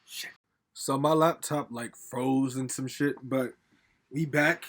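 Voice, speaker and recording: At home with a laptop, a man delivers a casual pick-a-card tarot reading in a bright, punchy, mid-range voice with a husky edge, speaking slowly with fairly even intonation. He rambles, swears freely, talks directly to viewers, and fills gaps with fillers and laughs.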